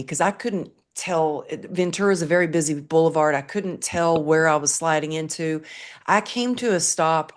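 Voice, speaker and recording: Low-voiced woman telling her story. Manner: earnest, vivid storyteller. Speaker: guest. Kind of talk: personal storytelling in an interview.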